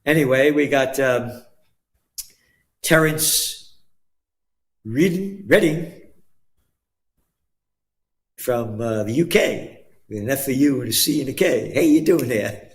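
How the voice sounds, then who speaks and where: A man's voice: medium pitch, slow pace, long pauses. Blunt older New York man hosting. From the Bronx, New York. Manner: blunt, rambling, emphatic. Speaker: guest host. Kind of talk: casual talk show chat.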